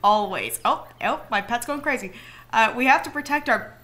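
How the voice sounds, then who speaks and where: A young woman streaming a cozy game, chatting casually in a giggly, playful, animated way and thanking her viewers. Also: high-pitched, moderate pace. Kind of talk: casual gameplay chat. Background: faint game music.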